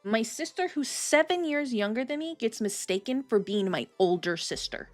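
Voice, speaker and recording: A woman in her thirties chatting casually on a livestream, telling stories with lots of swearing and quick restarts. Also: a little high, expressive, soft background music. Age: 30s. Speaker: streamer.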